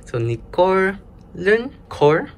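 A man's voice: sits high, very animated, fairly quick, vocal fry, slight background noise. Chatty man walking through a lesson. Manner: explains step by step, loose and chatty. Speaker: language learner host. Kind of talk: casual self-study lesson.

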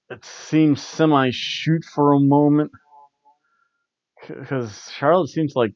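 This wrestling reviewer and show host has a mid-range, slightly mellow voice as he gives a casual spoken recap, full of ums and false starts. It was captured on a camera at home, and the audio is dry and dull.

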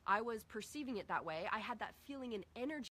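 A woman's voice: fairly high pitch, fast talker. A middle-aged woman coaching a group on parenting, casually acting out talks with her kids. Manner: energetic, acts out dialogue with her kids.

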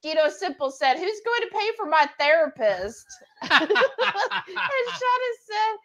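Woman co-host, high and animated, laughs a lot reading comments. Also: slow, dull audio. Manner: giggly, laughs often while reading comments aloud. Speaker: co-host of a cooking livestream. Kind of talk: casual chat reading viewer comments.

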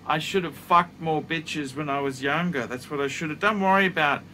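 A man's voice: a little high, normal speed, pushed and bright, slight background noise. A man in his fifties giving blunt, profane, emphatic advice, talking casually in his office studio. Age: 50s. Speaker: watch reviewer.

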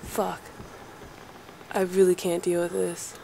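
A woman's voice: fairly low pitch, monotone, slow pace, creaky, warm tone, slight background noise. A woman giving let's play commentary on a horror game, nervously muttering and swearing to herself as she plays.

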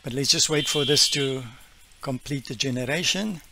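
A man casually walking viewers through a software demo, enthusiastic and chatty, with plenty of fillers. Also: medium pitch, normal speed, creaky, slight background noise. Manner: enthusiastic, explains step by step with many fillers. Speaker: tech vlogger.

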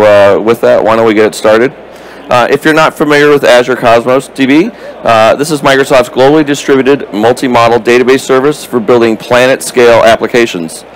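A man presenting a live tech conference session while losing his voice, talking casually with many fillers and throat clearing. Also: medium pitch, a little hiss or hum, low-quality recording.

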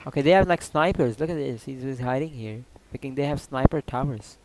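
Excitable man narrating his gameplay. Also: medium pitch, a little fast, background noise. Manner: excitable, loud outbursts, swears and jokes. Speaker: gaming YouTuber. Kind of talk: casual gameplay commentary.

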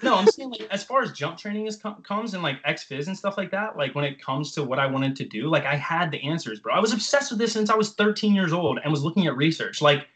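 Young male coach, rapid-fire casual storyteller who swears freely. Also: on the high side, low-quality recording. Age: 20s. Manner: animated, profane, filler-heavy. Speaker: jump training coach.

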